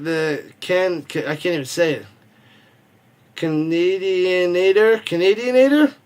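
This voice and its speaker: A high-voiced man hosts a live watch stream of a game, chatting casually and calling the play-by-play. He rambles and jokes, reading chat messages aloud as he goes.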